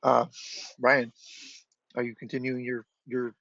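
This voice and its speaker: A man running an online tabletop game as dungeon master, giving measured rulings and thinking aloud. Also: medium pitch, monotone, vocal fry, fairly bright tone, no echo. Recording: dry lo-fi online call audio.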